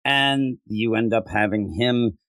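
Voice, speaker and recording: A man's voice: takes it slowly, a bit bright, dry recording. Jokey rambling male podcast co-host. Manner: jokey, rambling, acts out characters in a higher voice. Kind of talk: casual comic book review chat.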